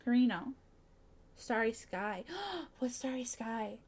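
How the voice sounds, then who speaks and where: A woman's voice: fairly high pitch, moderate pace, a little mellow, slight background noise. A woman streamer chatting casually with her live chat, bubbly, often gasping and giggling and tripping over her words.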